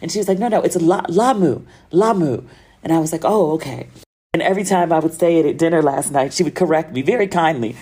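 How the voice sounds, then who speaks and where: A woman's voice: low voice, fast, mellow, breathy edge. An American woman hosting her own podcast, telling a travel story in a chatty, casual way with slang and laughter. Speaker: podcast host. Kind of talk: casual solo podcast monologue.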